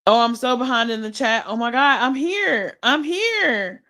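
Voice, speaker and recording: A woman's voice: on the high side, animated, measured pace, pushed and bright. A woman live-streaming from her phone while lying in bed, chatting casually and in slang, reading her chat aloud and laughing often. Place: her bed under blankets.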